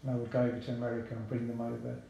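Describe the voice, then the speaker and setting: A man, talking casually as a podcast guest in a relaxed, chatty way with many asides. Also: medium pitch, rapid-fire, vocal fry, muffled recording. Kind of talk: casual interview talk. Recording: very echoey room.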